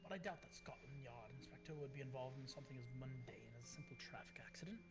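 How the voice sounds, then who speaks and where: A player voicing a calm, courteous gentleman professor detective with a put-on refined accent. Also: mid-range voice, fast talker, loud music behind the voice, lightly acted.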